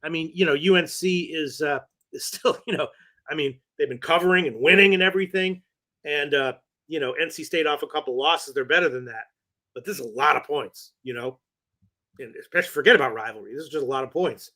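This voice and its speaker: Male co-host with a bright, slightly high voice who hedges his betting picks and stumbles on fillers. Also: brisk. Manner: hesitant, thinks aloud with many fillers. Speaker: sports betting show co-host. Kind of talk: casual sports betting talk.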